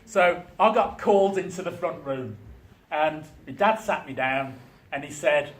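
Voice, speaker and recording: A man's voice: on the high side, normal speed, a little hiss or hum. Man telling stories in an echoey room. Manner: conversational storytelling with dry humour. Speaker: union official, guest speaker. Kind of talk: speech at a meeting. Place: meeting room.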